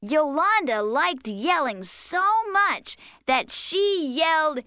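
A woman's voice: high-pitched, very animated, takes it slowly, sharp tone, dry recording, clean studio sound, full character voice. A woman voicing a patient, playful cartoon critter who tells a bedtime story in a sing-song, coaxing manner. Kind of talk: children's cartoon voice acting.

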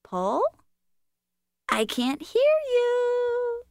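A woman's voice: high voice, very animated, takes it slowly, sharp tone, heavily acted. A woman voicing a patient, playful cartoon critter who tells a bedtime story in a sing-song, coaxing manner. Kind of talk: children's cartoon voice acting.

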